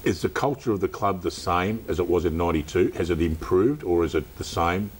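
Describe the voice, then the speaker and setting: An Australian man hosting a local football TV panel show, brisk and chatty. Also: low-pitched, animated, slightly rough. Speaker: host.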